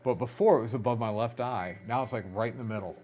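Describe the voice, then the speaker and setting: A man's voice: medium pitch, fast. A man investigating a supposedly haunted place talks hesitantly, trailing off as he thinks aloud. His voice sits in a middle register. A faint background hum stays under his speech. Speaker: paranormal investigator. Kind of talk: live ghost-hunting stream chat.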